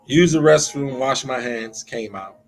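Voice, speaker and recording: A man, pastor and host of a call-in show, telling a story in a conversational sermon style and slowing down to stress his points. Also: mid-range voice, soft background music.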